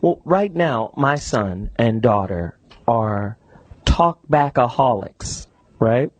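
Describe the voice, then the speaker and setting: A middle-aged man hosting a call-in radio talk show, emphatic and lively as he takes callers and repeats the number. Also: medium pitch, slow pace, no echo.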